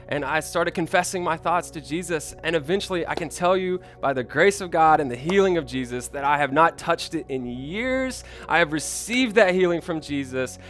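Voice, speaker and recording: A man's voice: a little high, a bit bright. A young man preaching a sermon, earnest and personal, often restarting his sentences. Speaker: pastor.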